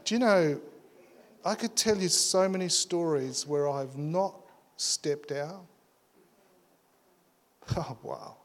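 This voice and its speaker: A pastor preaching to his church, caught up in a story he tells with eager energy. His voice sits a little high for a man, and his sentences stumble and restart as he rushes on. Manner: animated storytelling with many restarts and stammers. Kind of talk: sermon.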